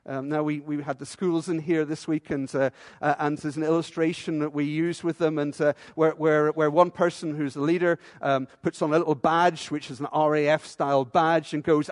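A man's voice: sits high, normal speed, long reverb tail. A man preaching a sermon in a church, emphatic and full of rhetorical questions and repeated phrases. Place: church with a stage.

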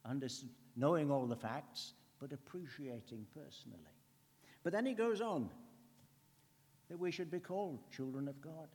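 A man preaching in an earnest, conversational way, his voice sitting a little higher than most men's. He leans hard on some words and drops to near a hush on others. A long reverb trails behind him, as in a church hall. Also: lively intonation, normal speed. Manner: earnest, swings between emphatic and hushed. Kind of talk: conversational sermon.

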